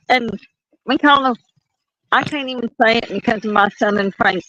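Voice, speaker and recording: A woman's voice: a little high, normal speed, pauses often, no room sound, dull audio. A woman with a Southern American accent, chatting on an online panel and telling stories with acted-out quotes and frequent laughter. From Southern United States. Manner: animated storyteller, acts out quotes, laughs often. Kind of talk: casual panel chat.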